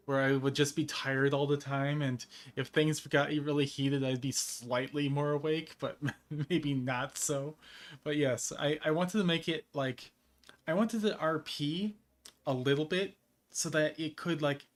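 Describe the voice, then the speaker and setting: A man streaming a game and chatting casually, rambling with frequent laughs between phrases. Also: a little high. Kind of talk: casual gameplay chat.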